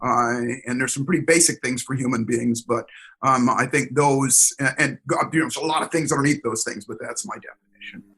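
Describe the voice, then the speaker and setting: Bright husky-voiced energetic man. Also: mid-range voice, brisk, poor audio. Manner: energetic, expressive, acts out dialogue. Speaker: guest, performance coach. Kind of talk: animated storytelling interview.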